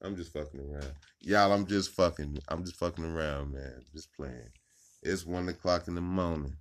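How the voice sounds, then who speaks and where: A man hosting a podcast in casual late-night chat at home, talking in a profane, rambling, animated way while tipsy. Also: a bass voice, moderate pace, a little hiss or hum. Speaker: podcast host.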